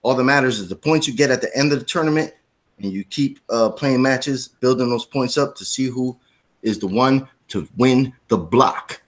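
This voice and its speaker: A man's voice: medium pitch, normal speed. A man hosting a trivia show in a put-on Jamaican accent, playing a wrestling-style villain persona. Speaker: host.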